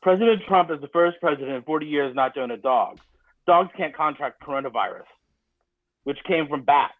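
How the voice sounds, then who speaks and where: A man's voice: on the high side, animated, brisk, no room sound. A man playing a smug, menacing masked captor in a comedy stage reading, heard over a tinny phone-like line.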